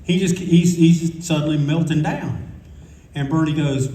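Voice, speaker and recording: Speaking unhurriedly in a fairly high yet dark-toned voice, an older man shares live, profane anecdotes on a convention panel and impersonates the people he quotes. The audio comes from a distant audience recorder in an echoey room with faint ambience.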